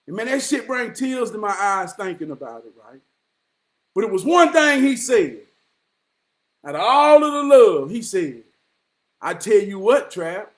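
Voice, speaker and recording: A motivational vlogger in his forties delivers an impassioned, profane monologue, sinking to hushed murmurs before rising to shouts. His voice is high with big pitch swings, at normal speed.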